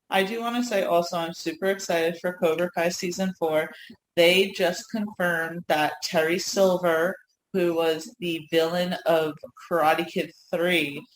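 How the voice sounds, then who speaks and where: A woman's voice: fairly low pitch, slight background noise. Enthusiastic woman chatting in an echoey room. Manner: enthusiastic, lots of fillers. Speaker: co-host. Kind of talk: casual podcast chat. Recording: echoey room, faint ambience.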